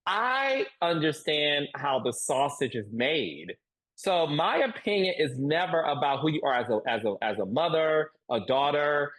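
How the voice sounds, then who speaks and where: A man talking as a guest on a podcast interview, emphatic and animated, repeating points for stress. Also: a little high, rough recording. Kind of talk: casual interview chat.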